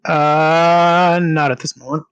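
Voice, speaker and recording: A man's voice: fairly high pitch, little pitch movement, slow, fairly bright tone, clear, resonant tone, dull audio. A man running a tabletop game as game master, narrating with many filler sounds.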